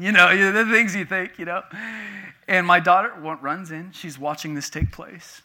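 A man preaching a sermon with passion, moving between loud emphatic lines and quiet personal asides. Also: high voice, normal speed.

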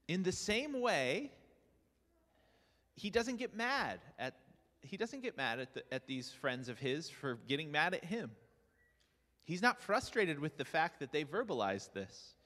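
A high, bright male voice preaching with lively, swooping pitch and earnest rhetorical questions. The sound rings with the long reverb of a large church hall. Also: moderate pace. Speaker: pastor. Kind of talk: sermon.

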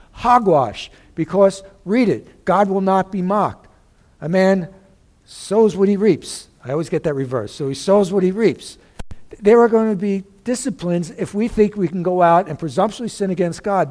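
Emphatic male preacher, higher pitch. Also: darkish tone. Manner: emphatic preaching with call-and-response questions. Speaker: pastor. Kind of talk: sermon.

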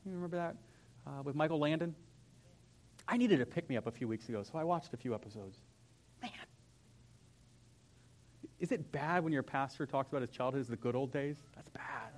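A young man, a pastor, preaching a sermon in a church in an animated, conversational way. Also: medium pitch, brisk, pauses often. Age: young adult. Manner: animated, conversational, acts out whiny voices. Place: church sanctuary.

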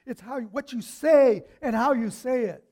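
Male preacher, sermon, high-pitched, animated, loud-to-hushed swings. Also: normal speed.

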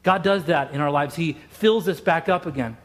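A man's voice: on the high side, moderate pace. A middle-aged man from Utah preaching a sermon, telling stories with emphatic, repeated phrases. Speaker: pastor.

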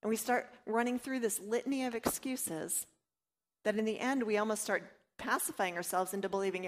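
A woman's voice: medium pitch, brisk. Earnest woman teaching a devotional talk. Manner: earnest, personal storytelling with acted inner doubts. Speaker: Bible study teacher.

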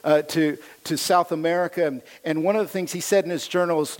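Animated male pastor preaching. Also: on the high side, fairly quick, few pauses. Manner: animated preaching, self-teasing asides. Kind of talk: sermon.

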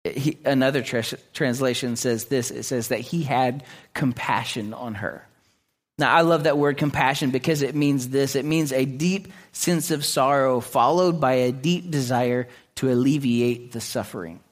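A man preaching a sermon in an earnest way, often restarting his words and clearing his throat. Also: medium pitch, normal speed. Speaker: pastor.

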